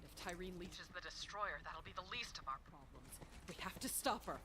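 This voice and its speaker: A woman's voice: fairly low pitch, lively intonation, moderate pace, natural voice. A woman voicing a stern female military commander in a video game, speaking with resolve. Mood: resolute. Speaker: game character. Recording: game audio under loud noise.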